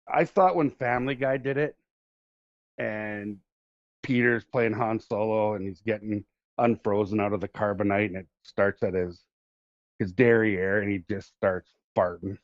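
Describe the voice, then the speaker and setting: A man's voice: fairly low pitch, steady tone, measured pace, no echo. A man on a podcast who jokes crudely and loops back on his own words. His voice sounds dull and lo-fi, with a dry, close feel and no room around it. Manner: joking, crude, repeats himself. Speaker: podcast co-host. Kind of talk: crude casual banter.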